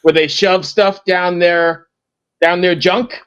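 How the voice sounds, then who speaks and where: A man hosts a casual podcast, teasing and joking with his guest. His voice sits slightly high for a man. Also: flat delivery, slow, fairly bright tone, clean tone. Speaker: podcast host.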